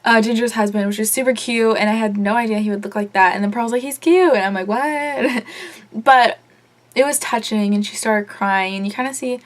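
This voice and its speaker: A woman's voice: mid-range voice, fairly even intonation, a little fast. A young woman vlogging a casual TV episode review, chatty and opinionated with lots of fillers. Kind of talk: casual chat.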